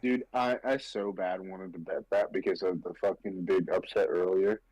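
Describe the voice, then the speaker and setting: A man's voice: low-pitched, fairly even intonation, normal speed, darkish tone, no room sound, low-quality recording. A young man co-hosting a casual sports podcast, venting about losing bets with lots of swearing. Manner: frustrated venting, swears freely. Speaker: podcast co-host.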